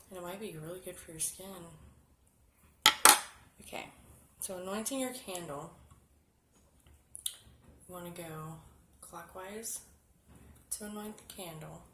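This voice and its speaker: A woman casually showing a candle spell step by step, chatty and often dropping to a hushed murmur. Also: fairly low pitch. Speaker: spiritual vlogger. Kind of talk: casual how-to demonstration. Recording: echoey room with background noise.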